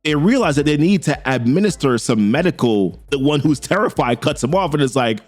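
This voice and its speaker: A man talks through a comic book issue panel by panel, slipping into slangy voices for each character. His voice sits fairly high and swings in lively, animated pitch. Soft music plays faintly underneath. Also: fairly quick, hardly any pauses, dry recording. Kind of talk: casual comic recap.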